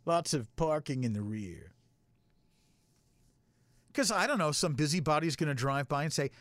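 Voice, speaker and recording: A man's voice: a little high, animated, moderate pace, pauses often, fairly bright tone, dry recording. A man telling a long, rambling story in a casual, profane way as a show host.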